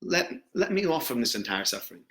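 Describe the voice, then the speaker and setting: A man giving a sermon as a rabbi, telling stories in an animated way and acting out the people in them. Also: mid-range voice, fairly quick. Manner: animated storyteller who acts out the people in his stories. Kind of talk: storytelling sermon. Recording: roomy echo.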